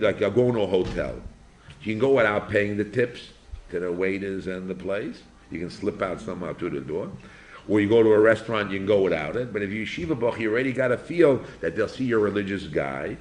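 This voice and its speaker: A lowish voice belongs to an older rabbi running an informal yeshiva lecture. He engages his students with spirited rhetorical questions.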